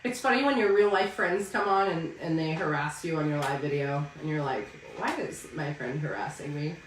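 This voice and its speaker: A woman hosting a casual live stream selling wigs, bantering loudly and laughing with viewers. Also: deep voice, moderate pace, far from the mic, noisy background. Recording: roomy sound from off-mic with faint music.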